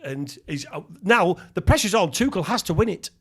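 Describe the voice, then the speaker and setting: Man, middle-aged, from england, slightly high pitch, opinionated casual podcast chat. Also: expressive, husky. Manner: opinionated football talk, quick interjections. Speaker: podcast co-host.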